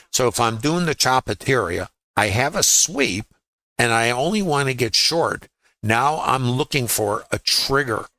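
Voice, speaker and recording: A man's voice: lowish voice, sharp tone, no echo. A man leading a live trading lesson, walking through charts in a conversational way and asking viewers rhetorical questions. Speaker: trading educator. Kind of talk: live trading webinar walkthrough.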